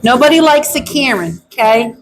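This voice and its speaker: A woman's voice: high voice, expressive, moderate pace, faint music behind, rough recording. A woman dog groomer chatting casually as she works, blunt and opinionated. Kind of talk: casual chat while grooming.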